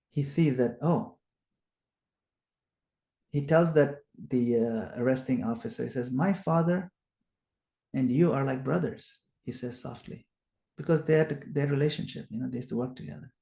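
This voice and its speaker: Man retelling scripture in an echoey room. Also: mid-range voice. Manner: animated retelling, acts out quoted lines loudly. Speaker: scripture study teacher. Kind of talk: storytelling scripture class.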